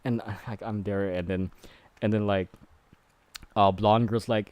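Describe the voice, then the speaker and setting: A man's voice: fairly low pitch, fairly even intonation, measured pace, pauses often, darkish tone, no echo. A man streaming a casual movie recap, rambling with many fillers and growing exasperated.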